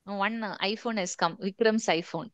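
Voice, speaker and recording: A woman's voice: mid-range voice, moderate pace, a bit bright, clear, resonant tone, dry recording. A middle-aged woman leads a workshop, talking in a conversational way and putting questions to the group. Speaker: corporate trainer. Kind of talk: workshop talk to a live group.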